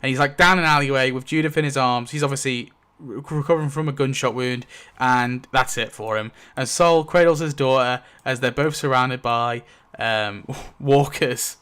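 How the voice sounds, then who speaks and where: A man's voice: medium pitch, moderate pace, fairly bright tone, clear, resonant tone. A man hosting his video, casually narrating a story rewrite decided by dice rolls, rambling with lots of fillers and little chuckles. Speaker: YouTube host.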